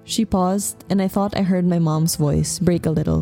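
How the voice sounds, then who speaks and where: A woman's voice: on the low side, steady tone, creaky, warm tone, soft background music. A woman reading a romance novel aloud as an audiobook narrator. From Philippines. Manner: measured, emotive first-person reading.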